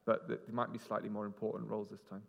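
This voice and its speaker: Racing along in a gravelly, lowish voice, a man delivers an interactive sermon. He's lively and full of jokes, ordering volunteers about the stage, and the recording carries the long reverb of a large hall.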